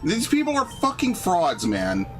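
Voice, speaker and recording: A young man rants in a loose, profane chat, his pitch leaping up and down as he gets worked up. Faint music plays quietly behind him. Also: measured pace. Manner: animated ranting, profane, frequent "bro" and "dude". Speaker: gaming channel host. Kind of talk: casual chat over gameplay.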